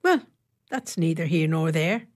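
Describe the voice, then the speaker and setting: A woman voices a sharp-tongued beautician in her fifties, dry and pointed, with a lowish voice. She bites off her words and jumps up in pitch when she means it. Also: lively intonation, a little slow. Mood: sweetly cutting.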